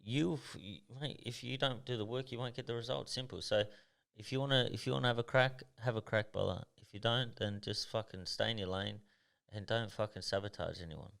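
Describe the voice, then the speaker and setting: A man's voice: on the low side, a little fast, vocal fry. An Australian man in his thirties, a boxer talking in a casual podcast interview, blunt and swearing freely. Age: 30s. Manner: blunt and swearing, animated storytelling. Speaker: professional boxer guest.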